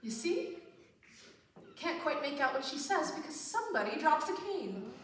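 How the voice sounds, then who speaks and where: A woman's voice: high voice, very animated, normal speed, crowd noise. A woman playing a wistful, middle-aged male musical fan who talks straight to the audience, confiding and rambling, recorded from far off in an echoey theater. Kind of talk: stage monologue.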